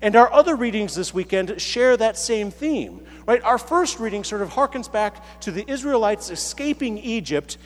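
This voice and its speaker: A high-pitched man gives a loose, chatty sermon as a parish priest, often tagging his points with a quick question. His voice rings out through a large church with a long echo. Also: lively intonation. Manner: casual, many fillers and tag questions. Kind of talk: conversational sermon. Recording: reverberant church hall.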